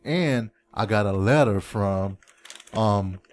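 A man's voice: fairly low pitch, takes it slowly. Playful, teasing man co-hosting a podcast. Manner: playful, teasing, repeats jokes. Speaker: podcast co-host. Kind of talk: casual chat.

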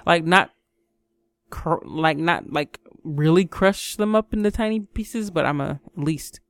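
A woman co-hosting a casual chat show, talking in a relaxed, giggly way with lots of "like" and "um". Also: sits low, measured pace, no room sound. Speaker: co-host.

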